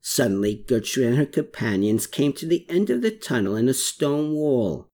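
An audiobook narrator reading a story chapter with plenty of movement in pitch. The delivery is expressive and steady, at a middling pitch. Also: moderate pace. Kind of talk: scripted narration.

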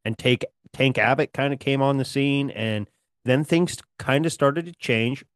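A man's voice: medium pitch, a little slow, no echo. A middle-aged man co-hosting a podcast, rambling and reminiscing in a laid-back way. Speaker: podcast co-host. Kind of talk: casual podcast chat.

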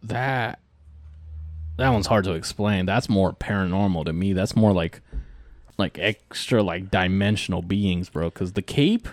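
Slangy low-voiced man, dry sound. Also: a little slow, dry recording. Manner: laid-back slangy reactions with swearing. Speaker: podcast co-host. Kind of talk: casual chat.

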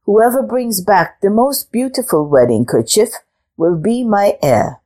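A woman's voice: medium pitch, lively intonation, a little slow, mellow, voice pushed up. A woman voicing an old farmer father who speaks firmly and urgingly.

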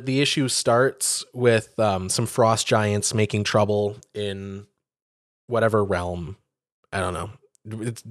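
A man's voice: lowish voice, dry recording, studio quality. A man co-hosting a podcast, chatting casually and retelling a story with profane, acted-out quotes. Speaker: podcast co-host. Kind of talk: casual chat.

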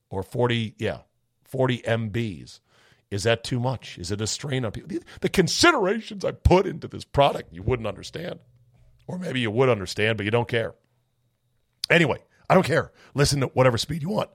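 A man hosting a podcast, reading listener mail in a wry, sarcastic, rambling way, his voice slightly hoarse. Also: mid-range voice, dry recording, studio quality. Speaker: podcast host.

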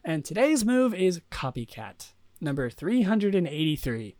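A man's voice: a little high, sing-song, unhurried, a little mellow, dry recording, studio quality. A young man hosting a casual solo podcast, rambling with many fillers and restarts. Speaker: podcast host.

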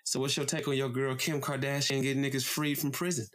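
A man's voice: medium pitch, level tone, fast talker, a bit bright. A young adult man co-hosting a casual podcast chat, rambling loosely with lots of fillers and cussing. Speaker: podcast co-host.

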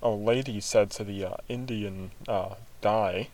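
A man's voice: on the low side, fairly even intonation, measured pace, darkish tone, poor audio. A man guesting on a podcast, joking about a movie and laughing through his sentences as he reads reviews. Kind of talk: casual chat reviewing a movie.

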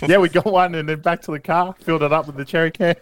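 A man's voice: on the high side, fairly even intonation, quick pace. A young Australian man co-hosting a podcast, telling a rambling, laughing anecdote in casual chat. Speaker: podcast co-host.

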